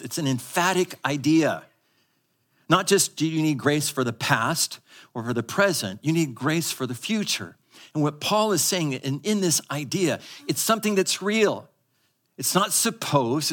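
Preaching live in church, this pastor has a slightly high, somewhat bright voice. He teaches forcefully, leads the audience in repeating words, and moves from rapid asides to slow, emphasized phrasing.

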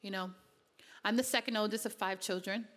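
A woman's voice: medium pitch, steady tone, fairly quick, a bit bright, long reverb tail. A woman from Connecticut giving an earnest, conversational personal testimony in a sermon, with many casual fillers. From Connecticut, USA.

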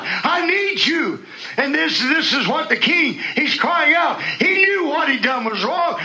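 Guy preaching, high raspy voice, real bright and sharp, reads scripture soft then shouts hallelujah. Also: low-quality recording. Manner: swings from quiet scripture reading to shouted praise; folksy, talks straight to the congregation. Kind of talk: sermon.

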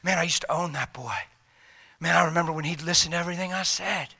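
A man's voice: a little high, fast talker, vocal fry, bright, forceful tone, full character voice. A man voicing a scheming male devil who bosses his demons, grumbling and barking orders. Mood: brooding.

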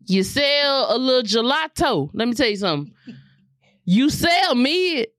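A woman co-hosting a podcast, chatting loudly and swearing often. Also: fairly high pitch, no room sound, clean studio sound. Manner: loud, swears a lot, animated storytelling. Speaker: podcast co-host. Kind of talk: casual chat.

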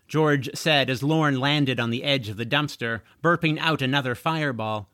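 A man narrating a chapter of a children's fantasy audiobook in a slow, expressive storytelling manner. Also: fairly high pitch, no echo, clean studio sound.

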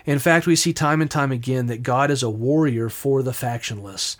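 Man, podcast co-host, reflective and halting, mid-pitched, faith talk. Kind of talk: casual Christian podcast discussion.

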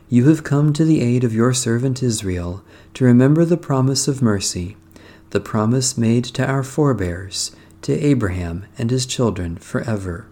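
Solemn man reading prayers, mellow voice. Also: medium pitch. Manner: measured, solemn, devotional cadence. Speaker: prayer reader. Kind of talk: liturgical reading of psalms and scripture.

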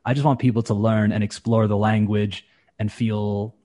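A man's voice: on the low side, normal speed. A man, an English teacher, chatting casually on a podcast and acting out quoted speech. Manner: animated, acts out quoted speech with shifting voices. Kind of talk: casual conversation.

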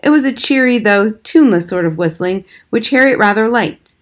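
A woman reading a children's book aloud as narrator, steady and expressive. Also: a little high, normal speed. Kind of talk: scripted storybook narration.

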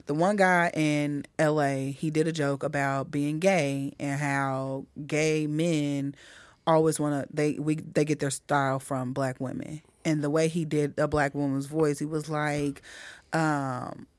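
A middle-aged woman comedian talking in a casual podcast chat, blunt and animated, swearing freely as she tells stories. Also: low-pitched, measured pace, dry recording. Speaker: comedian guest.

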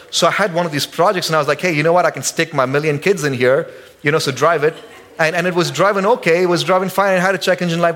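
A male pastor delivers a sermon at a church service. His voice sits fairly high for a man, and he talks in a casual, joking way with the congregation. When he acts out quotes, his voice leaps up. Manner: animated storytelling, jumps high when acting out quotes.

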